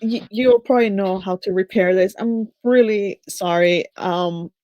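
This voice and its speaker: A woman's voice: mid-range voice, a little slow, dark tone, no room sound, dull audio. Woman player, hesitant and apologetic, dry voice-chat sound. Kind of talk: tabletop game role-play. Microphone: online voice chat.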